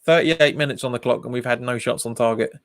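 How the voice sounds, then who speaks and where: A man's voice: mid-range voice, fast talker, no echo. Man, football fan streamer, live watch-along chat, reads out comments, laughs a lot. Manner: reads viewer comments aloud and answers them, laughs often. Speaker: fan channel host.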